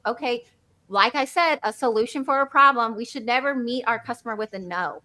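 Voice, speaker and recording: A woman's voice: sits high, a little fast. A woman telling a business story in casual chat, giggly and acting out what people said. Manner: animated storytelling, giggly, acts out quotes. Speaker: business owner guest.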